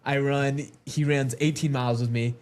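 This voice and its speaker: A man on a casual podcast as a guest, telling anecdotes in a relaxed way with laughter and filler words. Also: mid-range voice, moderate pace. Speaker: podcast guest, Army veteran.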